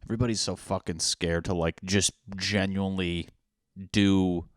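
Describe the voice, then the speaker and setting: A man's voice: deep voice, level tone, moderate pace, no room sound, studio quality. A young man hosting a casual solo podcast, swearing freely and mocking what he reads aloud. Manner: profane, sarcastic, reads lyrics and captions aloud mockingly. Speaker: podcast host.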